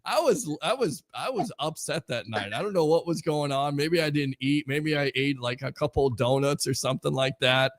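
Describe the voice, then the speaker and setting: A man hosts a sports talk show with a slightly raised pitch. He gets excitable and rambles, restarting his sentences. The sound is dry and close. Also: moderate pace, few pauses, no echo. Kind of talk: casual sports radio chat.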